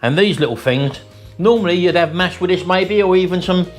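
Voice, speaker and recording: A man's voice: high-pitched, fairly quick, over music. Chatty man hosting a kitchen vlog. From England. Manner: chatty, enthusiastic, keeps addressing viewers as folks. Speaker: cooking channel host. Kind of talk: casual cooking vlog chat. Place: home kitchen.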